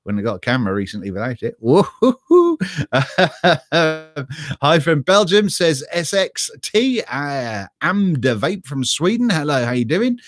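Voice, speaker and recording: A young man from Norfolk hosts a live stream, chatting loosely through viewers' messages. He rambles, jokes and swears casually, in a slightly high voice. The sound is dry and close, with no room echo. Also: very animated, normal speed, hardly any pauses. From Norfolk, England. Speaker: vlog host reading live chat.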